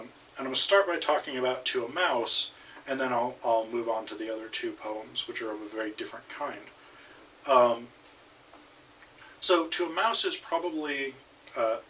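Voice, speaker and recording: A man's voice: medium pitch, bright, forceful tone, far from the mic, a little hiss or hum, poor audio. An American man giving a casual recorded literature lecture, hesitant with many ums and restarts. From United States. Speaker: literature instructor.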